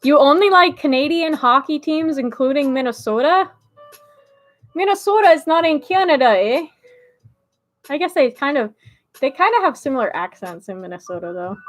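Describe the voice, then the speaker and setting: A woman's voice: high voice, expressive, moderate pace, faint music behind. A woman streamer chatting casually with her live chat, bubbly and laughing often.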